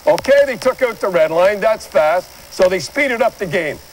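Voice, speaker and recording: An older man talks hockey in a high, animated voice, rambling and blunt. He keeps telling viewers to watch the replays. His talk sounds like opinionated studio commentary. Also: normal speed, a little hiss or hum, rough recording. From Canada.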